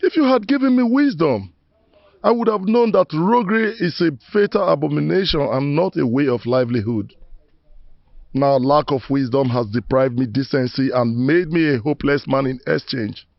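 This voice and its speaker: A man's voice: a little high, normal speed, vocal fry, no room sound, highs cut off. A remorseful rogue pleading with his ancestors. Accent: Nigerian. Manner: pleading, proverb-laden oratory. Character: remorseful middle-aged rogue begging ancestors for mercy. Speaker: penitent man praying to his ancestors. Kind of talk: Nollywood film acting, solemn monologue.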